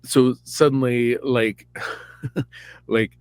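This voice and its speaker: A podcast host retelling a story in a casual, crude, rambling comic manner. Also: male voice, medium pitch, slow pace, no echo. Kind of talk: comedic storytelling.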